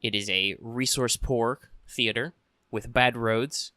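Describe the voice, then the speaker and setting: Bright-voiced male game master. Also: mid-range voice, unhurried, no echo, studio quality. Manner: relaxed and joking, with many fillers. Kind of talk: casual tabletop game narration.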